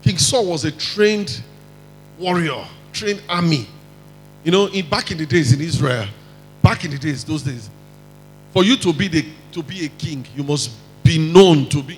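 A man with a Nigerian accent preaching a lively sermon, acting out quotes and mixing in pidgin. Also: on the high side, measured pace, long reverb tail, faint music behind, poor audio. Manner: animated, mixes in pidgin, acts out quotes.

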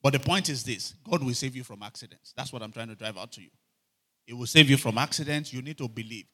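Bright-voiced preacher man. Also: mid-range voice, fast talker. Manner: animated storytelling, shouting quoted cries, frequent calls for amen. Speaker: pastor. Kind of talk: sermon.

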